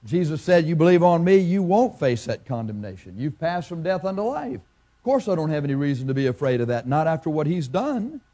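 An older man preaching a fervent sermon as pastor, building to loud emphatic peaks. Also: a little high.

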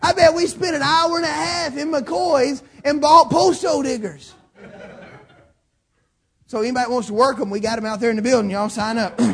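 A pastor delivers his sermon in a strikingly high voice with plenty of gravel. He tells folksy stories and climbs to shouts at the big points. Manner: folksy storytelling, rising to shouts.

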